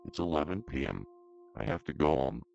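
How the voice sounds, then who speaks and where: A gravelly, very deep robotic man drones his lines in a flat monotone, as a man reads a game character aloud. The sound is dull and lo-fi, like a voice chat feed. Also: a little fast, exaggerated voice. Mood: deadpan. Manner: monotone droning read-aloud.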